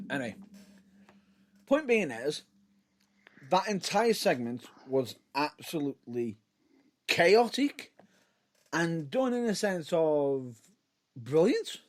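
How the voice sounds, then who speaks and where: A man co-hosting a podcast in casual chat, animated and prone to stumbling and restarting mid-sentence. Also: a little high, slow pace, pauses often. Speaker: podcast co-host.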